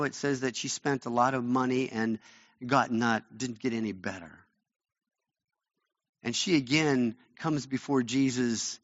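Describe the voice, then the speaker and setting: A man's voice: mid-range voice, fairly bright tone. A male pastor preaching a sermon, retelling a Bible story in an earnest, conversational way. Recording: dull lo-fi recording.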